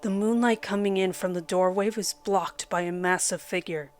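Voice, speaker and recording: A woman narrating a first-person horror story in a dramatic, measured storytelling manner. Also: medium pitch, steady tone. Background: soft background music.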